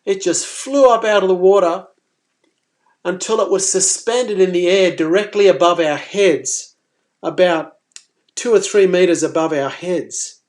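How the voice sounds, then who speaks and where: A man hosting a live fishing stream, telling a story in an animated, exclaiming way. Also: sits high, measured pace. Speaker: fishing presenter.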